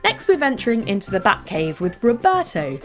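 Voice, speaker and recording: Animated British woman hosting for kids. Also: mid-range voice, normal speed, faint music behind. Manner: bright, animated, storytelling to kids. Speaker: podcast host. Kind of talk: children's educational podcast narration.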